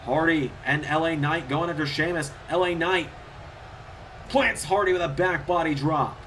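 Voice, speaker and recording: A man calling a wrestling video game match play-by-play on his own. His voice is fairly high and bright. It jumps up in pitch and volume at the big spots, and a faint hiss sits under the recording. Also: moderate pace. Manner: excitable, rises in pitch and volume at big moves. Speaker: play-by-play commentator.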